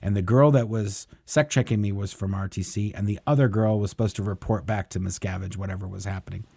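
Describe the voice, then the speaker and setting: A male guest storyteller tells a long personal story casually and ramblingly, full of fillers, acting out what others said. His voice is fairly low, gravelly and mellow, with fairly even intonation and a quick pace. The sound is studio quality with no room sound.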